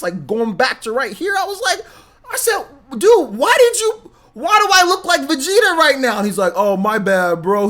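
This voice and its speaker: A man's voice: mid-range voice, a bit bright. A young man hosting a gaming livestream, chatting loosely and telling stories animatedly, full of "man" and "like". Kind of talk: casual livestream chat.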